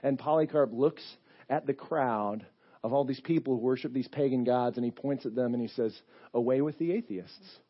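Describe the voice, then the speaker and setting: A man's voice: medium pitch, steady tone, normal speed, husky, highs cut off. A male pastor giving a sermon in a church, telling a story in a conversational way with many fillers.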